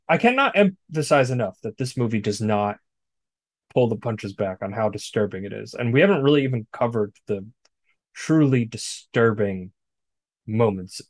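A man's voice: on the low side, dry recording. A man co-hosting a podcast, recapping a film in casual chat, blunt and profane. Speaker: podcast co-host. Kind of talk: casual movie discussion.

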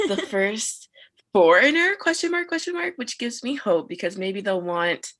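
A young woman co-hosting a podcast in casual chat, talking fast and laughing often. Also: medium pitch, expressive, fairly bright tone. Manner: chatty, laughs often, quick asides. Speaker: podcast co-host.

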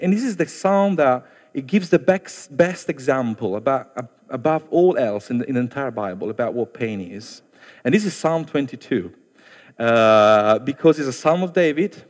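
A man's voice: mid-range voice, expressive, moderate pace, long reverb tail. A man with an Italian accent, whose first language is Italian, preaching a sermon in an earnest, conversational way and speaking directly to his listeners.

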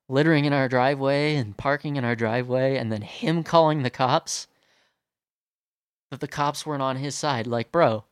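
A man's voice: medium pitch, no echo, studio quality. Profane young man telling a story. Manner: profane, animated, many fillers. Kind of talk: casual storytelling rant.

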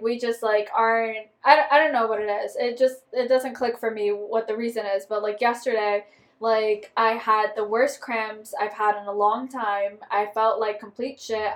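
A young woman co-hosting a podcast, telling a personal story in animated casual chat. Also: on the high side, normal speed. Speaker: podcast co-host.

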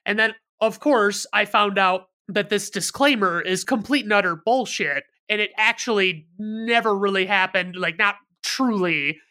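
A woman hosting a podcast, talking in relaxed, candid casual chat with the odd swear. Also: mid-range voice, measured pace, few pauses. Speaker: podcast host.

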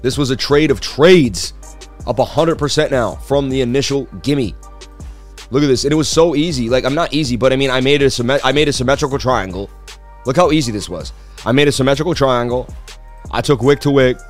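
Male streamer, boastful and pumped, slightly hoarse, middle register, soft music bed. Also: mid-range voice, brisk. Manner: hyped, boastful, talks straight to viewers. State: slightly losing his voice. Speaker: crypto market analysis livestream host. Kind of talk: casual livestream chart analysis.

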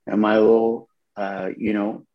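A man's voice: fairly low pitch, little pitch movement, measured pace, dull audio. A middle-aged man, a pastor, telling a personal testimony in an interview, earnest and with frequent repeated words. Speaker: associate pastor.

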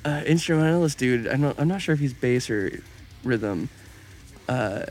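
A young man co-hosts a podcast in quick, excited banter and swears freely. His voice sits at an ordinary male pitch. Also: soft background music. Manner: enthusiastic, profane, quick banter. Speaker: podcast co-host. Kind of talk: casual chat.

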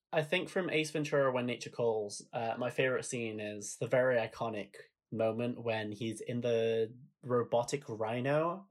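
A man co-hosting a podcast, chatting casually and enthusiastically about films, retelling favourite scenes with laughter. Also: medium pitch. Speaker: podcast co-host. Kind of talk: casual film chat.

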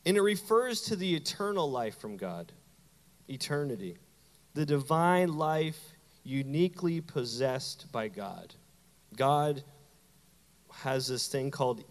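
A middle-aged man, a pastor, giving a lively, conversational sermon with playful asides to his congregation. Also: mid-range voice, slow pace, big-room sound. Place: church sanctuary.

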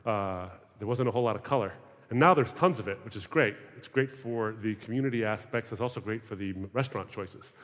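A man's voice: on the low side, brisk, a bit bright. A man in his forties giving a conversational talk to students, telling stories with wry humor. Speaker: speaker. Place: large hall. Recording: hall with long reverb.

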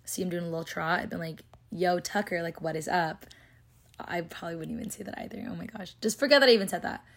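Young woman, late teens to early twenties, vlogger, fast, chatty, filler-heavy delivery. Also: lowish voice, lively intonation, creaky, a bit bright. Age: young adult. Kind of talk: casual storytelling vlog.

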